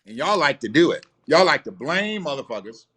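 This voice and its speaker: A man's voice: a little high, sing-song, brisk, bright, forceful tone, slightly rough. Blunt, profane man ranting on a live stream. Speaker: host of a live show.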